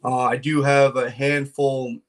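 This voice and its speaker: A man on a casual podcast, mid-range voice, relaxed and rambling. He fills pauses with "um" and "uh" and laughs easily. He sounds unbothered and conversational throughout. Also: medium pitch. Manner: laid-back, laughs often, many fillers. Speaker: guest reptile breeder.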